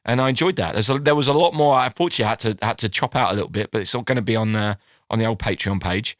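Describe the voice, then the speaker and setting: Halting man co-hosting a casual chat. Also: fairly low pitch, a bit bright, no echo, clean studio sound. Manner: halting, repeats words while thinking. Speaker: podcast co-host and interviewer.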